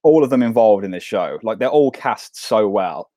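A man talking in a relaxed, meandering way, filling his sentences with little hesitations. His voice sits a bit low and the sound is very dry and close. He is co-hosting a chatty podcast. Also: moderate pace, dry recording. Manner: rambling, lots of "like" and "um". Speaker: podcast co-host. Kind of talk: casual chat about a sitcom.

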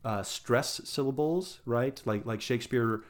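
A man in a casual podcast conversation, rambling and enthusiastic. He talks in a middling voice, restarting sentences and filling pauses with um and like. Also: mid-range voice. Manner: enthusiastic, rambling, lots of fillers.

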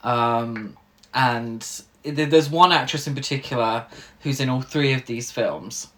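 A man co-hosting a film podcast, talking casually with frequent pauses and ums. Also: medium pitch, a bit bright. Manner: hesitant, many ums. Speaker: podcast co-host.

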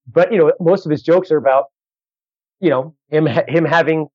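A man's voice: a little high, normal speed, breathy edge, muffled recording. A man who does stand-up comedy, chatting casually and telling a story with lots of restarts and voiced quotes.

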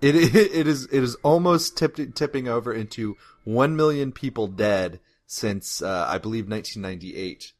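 A man's voice: medium pitch, lively intonation, moderate pace, few pauses. A man co-hosting a podcast, explaining figures in a casual discussion with many "um"s and restarts. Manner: informative, hesitant with many "um"s. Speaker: podcast co-host.

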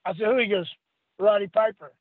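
A man's voice: sits high, fairly quick, no room sound. An older man, a former wrestler being interviewed, telling a long rambling story and laughing as he acts out what people said. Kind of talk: storytelling anecdote. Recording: phone-line audio.

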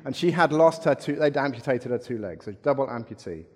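A man's voice: mid-range voice, animated, brisk, darkish tone, husky. A middle-aged man preaching a sermon, telling a story in a conversational way with wry asides. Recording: long reverb in a hall.

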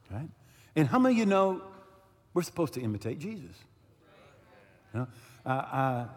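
A man's voice: fairly high pitch, darkish tone, husky. A male pastor preaching a sermon emphatically, repeating key phrases and checking in with the congregation. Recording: long hall reverb.

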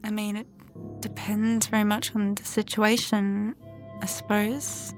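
A woman's voice: mid-range voice, flat delivery, a little slow, soft background music, natural voice. A woman voicing a polite, careful young woman agent in a tabletop game. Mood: polite caution.

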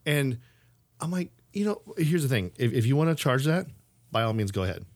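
A man with a mid-range voice speaks briskly while co-hosting a podcast. It's a casual chat, and he's an animated storyteller who laughs frequently.

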